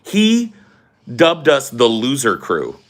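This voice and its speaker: A man's voice: mid-range voice, huge pitch swings, takes it slowly. A young adult man hosting a podcast, telling a rambling story in a casual, profane way. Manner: rambling, swears casually, lots of fillers. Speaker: podcast host.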